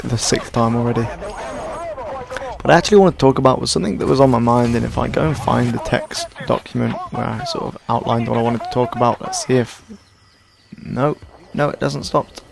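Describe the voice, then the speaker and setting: Young male gaming commentator, tired and hoarse, gravelly, self-deprecating rambler. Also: medium pitch, moderate pace, crowd noise. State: hoarse, sore throat. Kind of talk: casual gameplay commentary.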